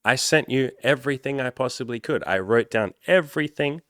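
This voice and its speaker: A man in his thirties, a life coach, giving a blunt, animated motivational talk. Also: medium pitch, a little fast, dry recording, studio quality. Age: 30s. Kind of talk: motivational vlog monologue.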